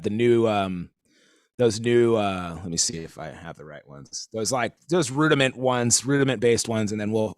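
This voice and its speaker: A man's voice: on the low side, no echo, studio quality. A man giving a casual live-streamed drum lesson, rambling and easygoing, with lots of fillers. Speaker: drum teacher.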